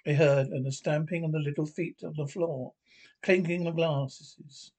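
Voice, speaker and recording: A man reads a children's classic aloud in a slightly high voice. He halts often, restarting words and fixing slips as he goes, like a plain amateur reading. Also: steady tone, a little mellow, poor audio. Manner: halting, with frequent restarts and slips. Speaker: reader.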